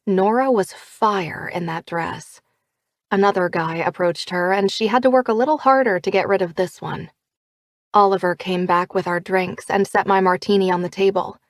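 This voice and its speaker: A woman narrating a first-person audiobook in a lively, expressive way. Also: mid-range voice, moderate pace, no echo, clean studio sound.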